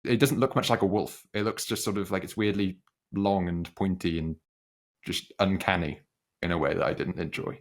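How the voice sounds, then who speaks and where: A man in his twenties with a low, steady voice hosts a casual film podcast at a moderate pace. He tells rambling stories and keeps correcting himself.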